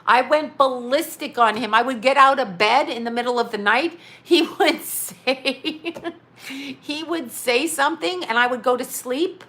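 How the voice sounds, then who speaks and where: A woman's voice: high voice, normal speed, sharp tone. A woman in her forties talking casually on a livestream from her small home studio, candid and rambling, often laughing. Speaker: psychic medium and vlogger. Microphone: phone camera.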